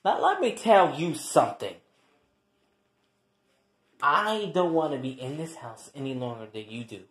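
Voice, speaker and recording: A performer in an improvised comic quarrel, trash-talking and taunting with heavy swearing and swinging between loud jeers and low mutters. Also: big pitch swings, a little slow, reverberant. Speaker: comedy skit performer.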